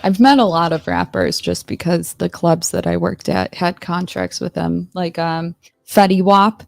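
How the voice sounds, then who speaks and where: A woman's voice: on the low side, lively intonation, unhurried, creaky. A woman in a casual livestream chat, rambling and searching for names, laughing often. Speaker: streamer.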